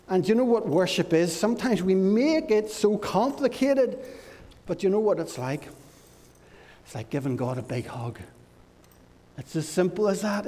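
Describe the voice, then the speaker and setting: Animated male pastor in an echoey church. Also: sits high. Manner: animated, playful storytelling to children. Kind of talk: children's talk in a church service.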